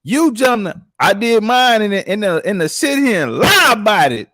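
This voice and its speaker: A man's voice: sits high, big pitch swings, moderate pace, fairly bright tone, no echo. A man telling profane stories in casual chat and acting out the people he quotes. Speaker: podcast guest. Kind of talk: casual storytelling.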